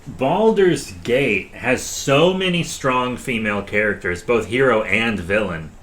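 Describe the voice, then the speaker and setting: Podcast co-host man, casual chat, relaxed, bright forceful voice. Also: mid-range voice, unhurried. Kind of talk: casual game recap chat.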